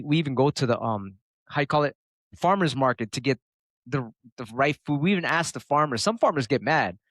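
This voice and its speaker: A man's voice: medium pitch, no echo. A middle-aged man from the United States, a turntablist guest, talking casually and profanely in an interview, acting out quotes. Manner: profane, animated, acts out quotes.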